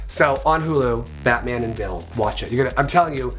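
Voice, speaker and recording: A man's voice: on the high side, a little fast, hardly any pauses. A man hosting a live comedy podcast, crude, campy and rambling, losing his voice. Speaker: podcast host. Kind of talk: casual comedic chat. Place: live venue with music playing.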